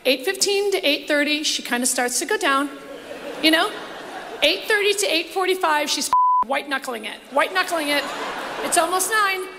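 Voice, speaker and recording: Stand-up comic, female: high, raspy voice, animated and gossipy, playing to a noisy crowd in a big hall. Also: moderate pace. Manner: animated, gossipy storytelling with mocking impressions. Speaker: stand-up comedian. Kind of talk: stand-up comedy set. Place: large theater stage before a live audience. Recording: live hall recording with crowd noise.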